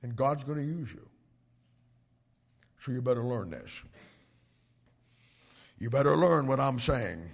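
A male pastor preaching to young ministry students, emphatic and animated, with frequent restarts. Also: medium pitch, unhurried, vocal fry, long pauses.

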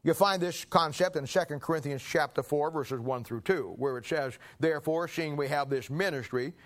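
An older man preaching a sermon, telling folksy stories and clearing his throat often. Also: a little high, moderate pace. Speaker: pastor. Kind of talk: sermon with personal anecdotes.

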